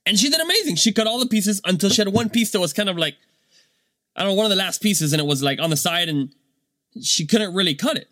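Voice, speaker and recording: A man's voice: high voice, animated, fast, fairly bright tone, no echo, studio quality. A man in his thirties, a business owner and dad, talking casually and full of fillers and rhetorical "right?" checks. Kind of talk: casual monologue.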